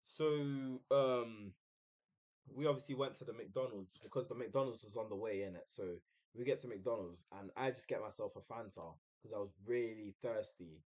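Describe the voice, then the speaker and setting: A man's voice: moderate pace, a little mellow. Chatty young man telling a story. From United Kingdom. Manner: chatty, uses slang, mimics others in a high voice. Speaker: streamer. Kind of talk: casual storytelling.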